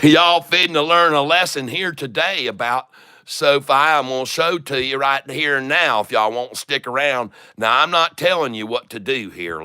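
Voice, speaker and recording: A bright, forceful drawl from a boastful country-western man, as a streamer puts him on. He hams it up and preaches to his listeners in broad folksy twang. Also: mid-range voice, clear, resonant tone, dry recording, clean studio sound. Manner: put-on Southern drawl, hammy and preachy. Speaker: stock trading streamer.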